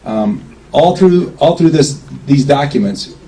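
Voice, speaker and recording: A man gives an informal, chatty talk to a group standing around him, often checking in with an "okay?". His voice is fairly high, warm, and animated, and he speaks a little slowly. A distant mic picks him up along with faint background noise.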